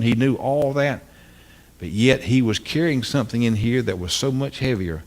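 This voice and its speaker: An older man, a pastor, preaching an earnest, impassioned sermon full of repeated phrases and rhetorical questions. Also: medium pitch.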